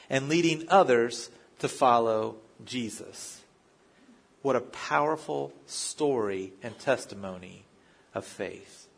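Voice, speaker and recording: A male pastor preaching a sermon with a slightly husky voice. He speaks in a conversational style, telling personal stories. He often restarts his phrases as he goes. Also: medium pitch, a bit bright. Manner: conversational, story-driven preaching with frequent restarts.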